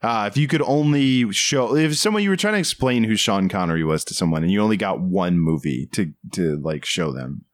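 A man's voice: lowish voice, expressive, fairly quick, hardly any pauses, dry recording. A man co-hosting a podcast, chatting casually and rambling with many fillers. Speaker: podcast co-host who interviews actors. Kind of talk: casual chat.

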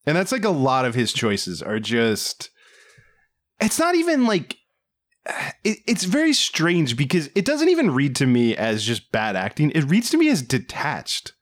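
A man co-hosting a casual movie review podcast, riffing with animated disbelief. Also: fairly high pitch, a little slow. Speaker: podcast co-host.

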